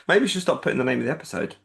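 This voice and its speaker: A man's voice: fairly high pitch, creaky. A man co-hosting a horror podcast, joking and teasing over a call. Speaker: podcast co-host. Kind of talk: casual podcast chat.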